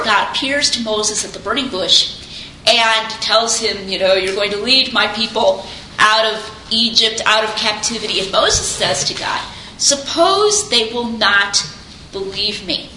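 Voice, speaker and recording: A woman giving an informal lecture on Christian apologetics, speaking conversationally and animatedly and acting out quoted speakers. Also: on the high side. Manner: conversational, animated, quotes others in little voices. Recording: echoey room, faint background noise.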